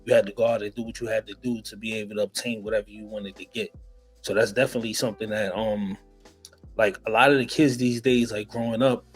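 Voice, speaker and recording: Male host from the Bronx, husky, relaxed and talky, light music bed. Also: on the low side, quick pace, poor audio. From the Bronx, New York. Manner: laid-back, repeats words, says "man" often. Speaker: podcast host. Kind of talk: casual interview chat.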